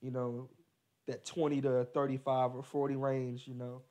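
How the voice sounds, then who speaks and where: A man's voice: mid-range voice, monotone, normal speed, dark tone. A young man co-hosting a casual wrestling podcast, rambling with lots of fillers and laughing often. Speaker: podcast co-host.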